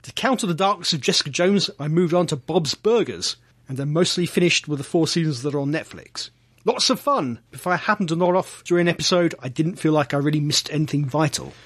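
A man co-hosting a podcast, reading a listener's email aloud in an earnest, measured way. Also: on the high side, expressive, breathy edge, dry recording. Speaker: podcast co-host.

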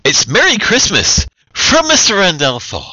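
A man's voice: high-pitched, wildly swooping pitch, a little slow, pushed and bright, dry recording, dull audio. A man giving a joking, tipsy holiday greeting as a podcast guest, giggly and singsong.

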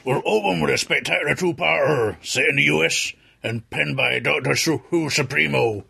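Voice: medium pitch, normal speed, vocal fry, pushed and bright, husky. A jokey podcast co-host who introduces segments and reads a press release aloud. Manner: jokey, reads press statements aloud, throws in silly voices. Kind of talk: casual group chat.

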